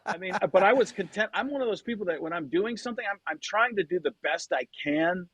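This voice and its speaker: Comedian guy chatting on a podcast, kinda high voice, dead dry mic. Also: slightly rough, no echo. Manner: animated, quick to slip into impressions. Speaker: comedian guest. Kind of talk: casual podcast chat.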